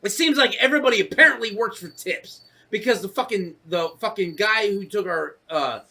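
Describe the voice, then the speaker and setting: A man's voice: sits high, a little fast, gravelly, pushed and bright. A man co-hosting a casual podcast, telling stories in a profane, ranting way. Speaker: podcast co-host. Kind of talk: casual chat.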